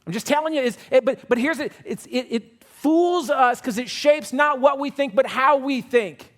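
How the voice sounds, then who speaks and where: A man preaching a sermon as pastor, telling a candid, self-deprecating story and moving between loud emphatic lines and hushed quiet ones. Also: extremely high pitch, normal speed.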